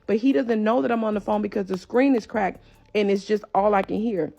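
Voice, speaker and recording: A woman's voice: medium pitch, brisk, vocal fry, warm tone, faint music behind. A woman telling an emotional story to her viewers in an urgent, direct way.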